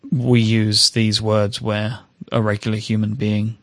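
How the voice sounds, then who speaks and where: A man's voice: fairly low pitch, little pitch movement, measured pace, dry recording. Careful, self-conscious man, dry sound. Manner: self-conscious, careful, stumbling over words. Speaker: podcast co-host. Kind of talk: casual chat.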